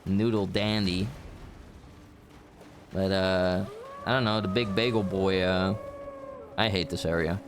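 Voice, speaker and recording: A man's voice: sits low, fairly even intonation, takes it slowly, pauses often, background noise. A man streaming a video game live, chatting with viewers and swearing in frustration at a boss fight. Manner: swearing, frustrated, breaks into shouts. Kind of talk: live gameplay commentary. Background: game music.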